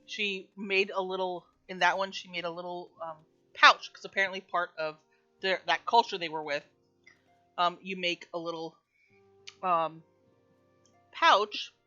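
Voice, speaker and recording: A woman's voice: lowish voice, measured pace, pauses often, dull audio, faint music behind. A woman streaming a game and chatting casually, telling stories animatedly and acting out scenes. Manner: animated storyteller, acts out scenes with loud squeals. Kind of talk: casual gaming stream chat.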